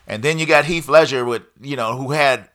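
Male co-host, bright voice, relaxed rambler, casual profanity. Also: mid-range voice, a little fast. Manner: laid-back, rambling, swears casually, many "you know"s. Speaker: podcast co-host. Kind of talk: casual chat.

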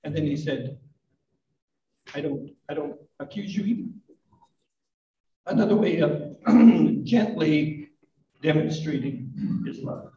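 An older pastor speaks slowly and with lively intonation, leaving long pauses as he gives a gentle, thoughtful sermon at a live service, complete with quiet asides and some humor at his own expense. His somewhat high voice is picked up from far off the mic in a dull, roomy recording.

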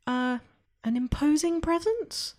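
A woman playing a character in a tabletop game, speaking hesitantly with many pauses and fillers. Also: high voice, expressive, a little mellow. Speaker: player. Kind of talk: casual chat in character.

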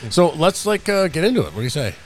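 A male podcast co-host chatting casually and joking around with his partner. His pitch swings freely up and down as he talks. Faint music plays quietly beneath the voice. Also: big pitch swings, fast. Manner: joking, laughs at his own jokes. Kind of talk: casual chat.

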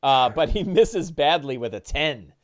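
A man narrates a tabletop game as game master, with a raised voice and a lively, animated delivery. He talks casually and fills pauses with many filler sounds. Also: on the high side, dull audio, over a noisy crowd.

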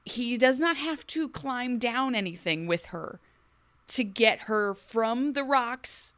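A young woman co-hosting a podcast, recapping a TV show in casual chat and acting out characters in quick asides. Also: fairly high pitch, expressive, fairly bright tone, dry recording. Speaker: podcast co-host.

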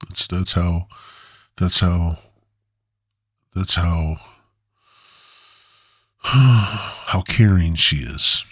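Low-voiced, zoned-out male podcast host. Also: very slow, pauses often, slightly rough, no room sound, studio quality. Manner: meandering, crude joking, zoned out. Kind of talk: casual rambling monologue.

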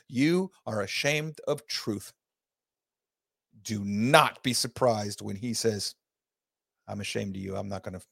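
A middle-aged man with a drawl hosts an opinion talk show in a gravelly, creaky voice. He sounds folksy and preachy. He pounds his points home with big swings in pitch, from soft asides to loud bursts. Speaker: host.

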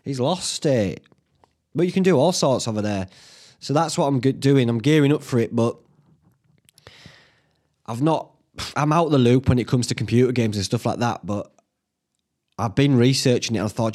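This is a man, talking casually as the host of his own podcast. He rambles in a relaxed, chatty way, drops in the odd swear word and laughs at his own jokes, at an ordinary middle pitch. He sounds like he is in a small home studio. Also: normal speed, long pauses. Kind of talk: casual solo podcast chat.

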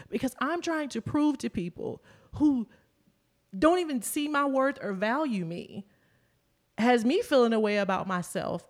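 A woman's voice: a little high, darkish tone. Emphatic middle-aged woman. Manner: emphatic, emotional, advice-giving. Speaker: panelist. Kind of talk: candid panel discussion.

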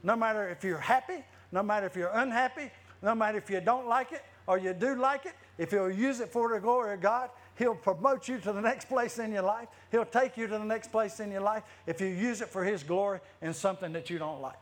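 A man's voice: sits high, fairly quick, hardly any pauses, a bit bright. A man preaching a sermon, telling stories with many restarts and frequent laughter. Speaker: guest preacher. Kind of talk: lively sermon storytelling.

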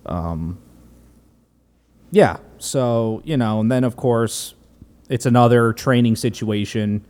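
A man in a casual chat, recapping a film in a halting way with many fillers. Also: mid-range voice, darkish tone.

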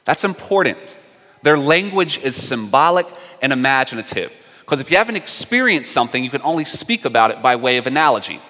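A man's voice: medium pitch, sing-song, brisk, pushed and bright, big-room sound. A man preaching a sermon as pastor, conversational and explanatory, with casual asides.

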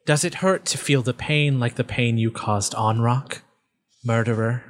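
A bodiless female voice speaks out of the void in a tabletop game, gloating and mocking in a middle-pitched tone, as a man plays her. She relishes every bit of suffering she hears about. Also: measured pace, natural voice. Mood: taunting. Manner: taunting, relishing others' pain. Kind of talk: tabletop role-play voice acting.

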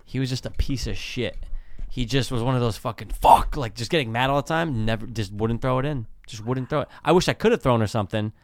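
A man's voice: medium pitch, fairly quick, no echo. A man in casual chat, rambling with lots of filler and swearing.

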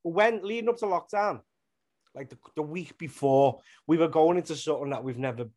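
A man's voice: fairly high pitch, brisk, a little mellow. A man with a Liverpool accent, a comedian guest telling rambling stories in casual interview chat and swearing freely. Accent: Liverpool (Scouse). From Liverpool, England.

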